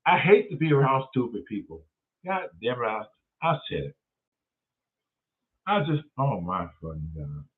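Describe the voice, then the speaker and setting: A man tells a story in a loose, profane rant, jumping into the voices of the people involved. His pitch sits in an ordinary middle range. The sound is narrow and tinny, like a phone line. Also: moderate pace, long pauses. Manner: profane, animated storytelling with acted-out quotes. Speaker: host.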